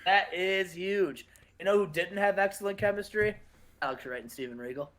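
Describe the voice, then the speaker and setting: A man's voice: sits high, moderate pace, fairly bright tone. Male co-host, mock play-by-play delivery. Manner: mock sports-announcer delivery. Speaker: game commentator. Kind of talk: let's play commentary.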